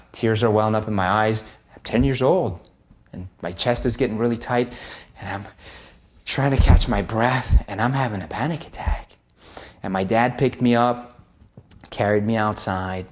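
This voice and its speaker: A chiropractor telling a personal story, earnest and vivid, in the present tense, with frequent pauses and fillers. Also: male voice, fairly low pitch.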